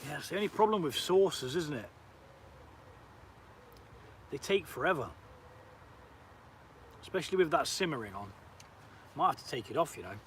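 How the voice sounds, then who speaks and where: Live-streaming outdoors, a British cooking vlogger chats casually over his camp stove, swearing lightly and responding to viewer comments. His high-leaning voice has lively intonation at normal speed, with long pauses and slight background noise.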